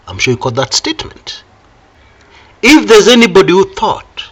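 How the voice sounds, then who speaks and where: Animated husky Kenyan commentator, older man. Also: medium pitch. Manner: animated, emphatic, laughs wryly between points. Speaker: political commentator. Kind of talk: solo video commentary.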